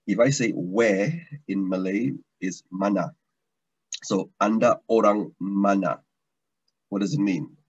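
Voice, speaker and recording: Teacher, male, low husky voice, chatty and repetitive, dull lo-fi call audio. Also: darkish tone. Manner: chatty, repeats words, restarts often. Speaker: language teacher. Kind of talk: online taster class, casual teaching. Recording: dull lo-fi online stream audio.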